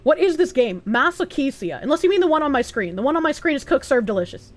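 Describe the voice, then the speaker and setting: Woman streamer with a fairly high voice. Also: sing-song, fast talker. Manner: reads chat aloud and answers it, swears freely. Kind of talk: casual livestream chat.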